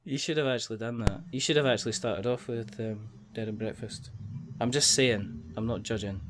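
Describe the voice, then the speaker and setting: A man's voice: fairly low pitch, fairly quick, noisy background. A man hosting a casual podcast chat, joking, rambling and laughing often. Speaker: podcast host.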